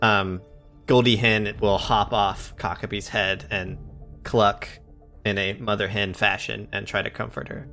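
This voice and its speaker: A man's voice: on the low side, fairly even intonation, unhurried, pushed and bright, faint music behind. A man playing a tabletop game, speaking hesitantly with many restarts. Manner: hesitant, stammering, full of restarts. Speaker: player. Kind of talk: tabletop role-play.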